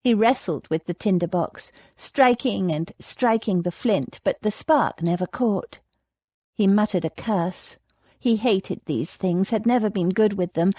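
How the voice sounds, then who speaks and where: A woman narrating a historical romance audiobook in a slow, measured, intimate manner. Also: medium pitch, dark tone, no echo. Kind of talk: scripted narration.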